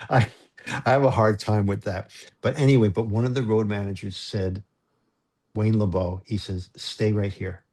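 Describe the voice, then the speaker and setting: A man speaking as a guest musician in a casual interview, telling a story in a halting, self-interrupting way and getting choked up. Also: lowish voice, a little mellow, slightly rough. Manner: halting, self-interrupting, emotional when recalling.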